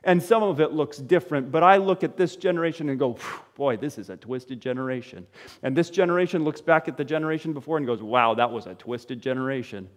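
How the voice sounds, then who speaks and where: A man preaching a sermon to his congregation, firing off rhetorical questions and swinging between loud exclamations and quiet, low asides. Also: fast talker, hardly any pauses, long reverb tail. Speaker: pastor.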